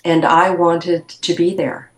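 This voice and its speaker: Brief: woman guest, low-ish voice, soft and reflective, echoey room. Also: level tone, slow pace. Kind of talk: recounting a personal experience.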